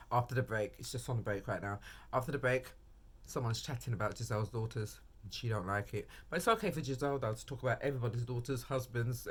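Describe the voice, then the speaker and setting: A man giving casual, rambling reaction commentary on reality TV from home, quick to laugh. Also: medium pitch.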